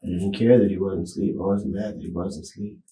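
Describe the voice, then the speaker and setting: A man's voice: deep voice, fairly even intonation, mellow. Rambling man in an echoey interview room. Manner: rambling, halting, restarts with "you know what I'm saying". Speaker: suspect being interviewed by detectives. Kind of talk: recorded police interview.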